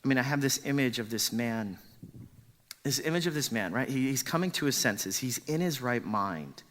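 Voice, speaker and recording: Pastor guy preaching, punchy and emphatic, bright voice, long echo. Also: mid-range voice, expressive, normal speed. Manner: emphatic, rhetorical questions, acts out quotes. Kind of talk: sermon.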